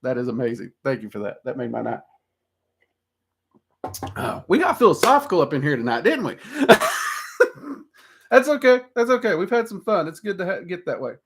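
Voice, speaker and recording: A man's voice: fairly high pitch, sing-song, moderate pace, creaky, long pauses, a little hiss or hum. A man in his forties with a Southern drawl, casually hosting a livestream, answering viewer questions in a frank, rambling way with many ums. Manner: frank, rambling, with frequent ums and self-deprecating laughs. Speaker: host of occult livestream.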